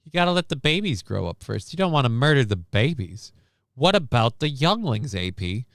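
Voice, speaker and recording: Gravelly, wry man hosting a casual news stream. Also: mid-range voice, sing-song, moderate pace, a bit bright, no echo, studio quality. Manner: rambling, sarcastic, profane. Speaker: livestream news host.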